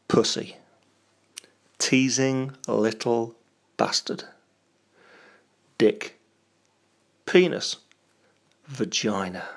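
A man's voice: on the low side, creaky. A young man reading a word list for a challenge, drawing words out, some of them half-whispered. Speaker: vlogger.

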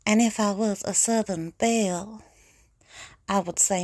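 A woman's voice: medium pitch, steady tone, unhurried, a little mellow, dry recording, clean studio sound. A young woman in a casual solo vlog, playful and giggly, trying out mock accents. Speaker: vlogger.

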